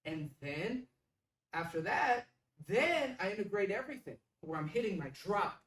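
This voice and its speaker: A coach walks through pitching drills step by step, leaning hard on key words. The voice sits at an ordinary pitch and sounds set back from the mic in an echoey room. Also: big pitch swings, normal speed, fairly bright tone, far from the mic. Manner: emphatic, stresses key words. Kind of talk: instructional explanation.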